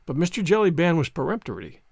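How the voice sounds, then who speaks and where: A man reading a classic novel aloud as an audiobook narrator, with an expressive storytelling delivery. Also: a little high, fast talker, gravelly, dry recording, clean studio sound.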